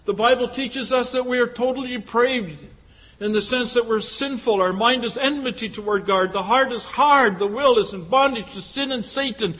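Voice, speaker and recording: Male preacher, high voice, storytelling sermon, rhetorical questions, halting fillers. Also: pushed and bright, poor audio.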